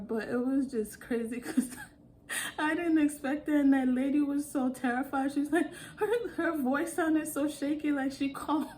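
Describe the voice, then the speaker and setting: A woman telling casual storytime anecdotes in an animated way, often laughing and acting out what people said. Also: a little high, a little hiss or hum. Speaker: vlogger.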